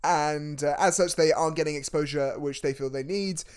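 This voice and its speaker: Excitable guy rambling on a movie podcast, kinda high voice, lots of restarts. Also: normal speed, clear, resonant tone. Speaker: podcast co-host. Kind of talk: casual chat reviewing a film.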